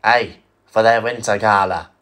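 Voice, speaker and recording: A man voicing a gruff, suspicious male steam engine in a fan story reading. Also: lowish voice, measured pace, fairly bright tone.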